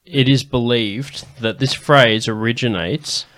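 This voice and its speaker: A man's voice: medium pitch, unhurried, fairly bright tone, no echo. A man co-hosting a podcast in casual chat, laid-back and joking while reading out a segment. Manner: laid-back, reads a segment then jokes around. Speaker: podcast co-host.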